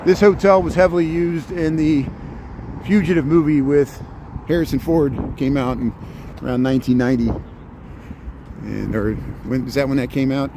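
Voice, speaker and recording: A man's voice: medium pitch, steady tone, moderate pace. A man with a Chicago accent live-streaming a walking tour, chatting casually and greeting viewers by name as he walks outdoors. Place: outdoors on a busy city street. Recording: clear traffic noise behind.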